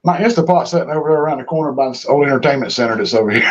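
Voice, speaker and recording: A man's voice: mid-range voice, lively intonation, quick pace. A man, hosting a casual chat from a small room at home, talking in a laid-back, drawling way. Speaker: host. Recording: slightly dull stream audio with faint hiss.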